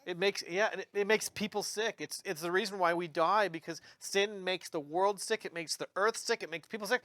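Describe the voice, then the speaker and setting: A man telling a Bible story to children in a playful, animated way, sometimes stumbling over his words. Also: high-pitched, a little fast. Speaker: uncle storyteller for kids.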